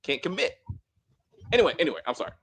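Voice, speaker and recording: A man co-hosting a casual TV review chat, animated and profane, acting out scenes and apologizing for his tangents. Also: on the high side, quick pace, a little hiss or hum. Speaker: co-host of a TV review show.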